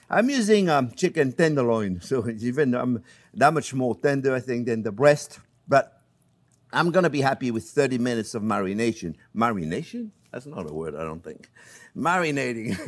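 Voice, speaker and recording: An older man from France with a French accent, hosting a casual cooking demonstration, chatty and self-amused, often calling viewers friends. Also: fairly high pitch. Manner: chatty, repeatedly calls viewers friends, laughs at himself. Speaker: cooking show host.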